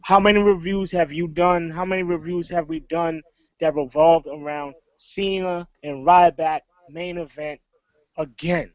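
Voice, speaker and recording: A man's voice: fairly high pitch, fairly even intonation, a little slow, no room sound. A man co-hosting a wrestling review, ranting in exasperated, profane casual talk. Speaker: wrestling show co-host. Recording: dull lo-fi recording.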